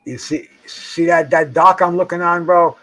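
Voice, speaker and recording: A man's voice: high voice, normal speed, bright, forceful tone. An older man in casual chat, rambling and profane, stumbling over restarts as he talks outdoors by a dock on the water. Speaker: host.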